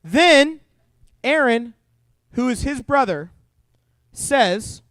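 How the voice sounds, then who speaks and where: A young man leads a youth group through a Bible story, joking and acting out the characters as he goes. His voice sits high and comes across smooth and clear. The sound is dry and close, with no room echo. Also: a little slow. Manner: animated storytelling with jokes and quoted voices. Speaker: youth pastor.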